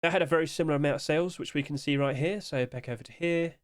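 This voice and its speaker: A man's voice: on the high side, rapid-fire. A young man chatting casually through a screen-share review, tired and yawning, asking rhetorical questions and talking to the items on screen. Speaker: game skin market commentator.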